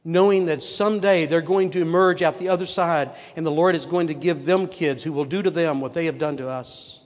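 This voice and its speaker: A man's voice: fairly high pitch, fairly quick. An older man preaching a sermon, earnest and full of rhetorical questions to his listeners. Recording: long hall reverb.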